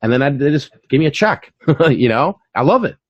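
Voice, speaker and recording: Lo-fi audio with no room sound captures a man's mid-range, sing-song voice moving fairly quickly. He's an online reseller hosting his channel's live stream, casually chatting about reselling with many fillers and repeated words.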